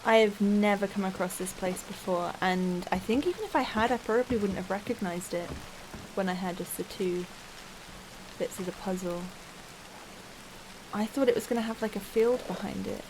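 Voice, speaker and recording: A woman's voice: mid-range voice, normal speed, background noise. A woman hosting a let's play, commenting nervously as she explores, often dropping to a whisper and giving anxious laughs. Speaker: gaming video host.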